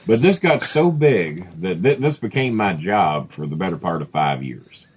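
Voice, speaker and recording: A man with a low, husky voice tells a rambling comic tale. His pitch swings widely as he laughs and slips into other people's voices along the way. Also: moderate pace. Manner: animated, mimics voices, laughs often. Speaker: podcast guest telling a story. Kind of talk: casual storytelling.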